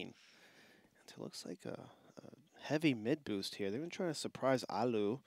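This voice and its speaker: A man's voice: mid-range voice, animated, unhurried, no room sound, clean studio sound. A man casting an esports match in casual banter, joking and laughing often. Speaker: esports caster. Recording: noisy broadcast feed.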